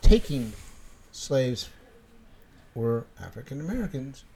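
A man's voice: medium pitch, sing-song, slow, vocal fry, dark tone. Man chatting loosely over a noisy recording. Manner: rambling, jokey, laughs often. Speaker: podcast co-host. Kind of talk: casual chat.

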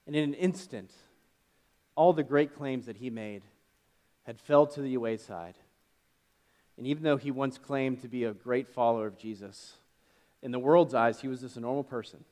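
A man's voice: medium pitch, normal speed, long pauses, a little mellow. A man preaching a sermon as pastor, retelling a story casually with fillers and self-corrections. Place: church.

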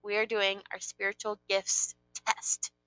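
A woman co-hosting a podcast in casual chat, animated and mock-offended. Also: mid-range voice, unhurried, smooth, dry recording. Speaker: podcast co-host.

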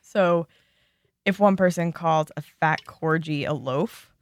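A relaxed young woman chats casually as a co-host, reading from her notes with little fillers. Her voice sits a bit low. The sound is dry and close, with no room around it. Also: slow pace, no echo. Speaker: podcast co-host. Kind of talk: casual chat, reading out an article.

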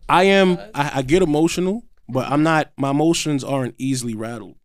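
A man's voice: a little high, fairly quick. A man in casual group chat, talking bluntly and brashly with a joking edge.

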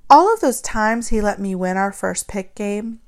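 A woman narrating a story in the first person, expressive and acting out the dialogue. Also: medium pitch, unhurried.

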